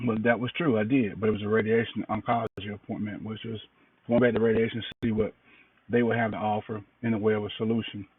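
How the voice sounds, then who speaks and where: A tired middle-aged man giving a plain-spoken, halting update in a casual video diary. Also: flat delivery. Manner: low-key, plain-spoken, halting with fillers. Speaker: cancer patient sharing an update. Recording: distant, phone-like, noisy recording.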